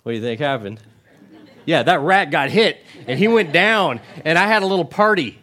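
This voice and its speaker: A man's voice: fairly high pitch, lively intonation, normal speed, sharp tone. A middle-aged male pastor giving a conversational sermon, often asking the congregation questions and repeating words.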